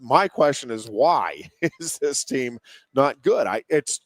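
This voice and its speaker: Male sports talk host, analytical and measured, dry close sound. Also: mid-range voice, very animated, no echo. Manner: measured, analytical, reasoning aloud. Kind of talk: sports talk show chat.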